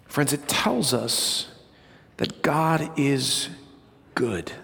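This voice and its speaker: A man preaching a sermon to a congregation, animated, with loud bursts and hushed low passages. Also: extremely slow, gravelly, big-room sound. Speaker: pastor. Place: church sanctuary.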